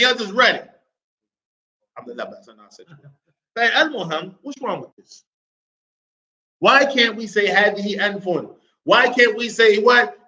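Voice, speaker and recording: Lively, bright-voiced teacher man. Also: sits high. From United States. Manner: playful, quizzing the class with repeated questions. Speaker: Arabic teacher. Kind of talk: classroom lesson with call-and-response. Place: classroom.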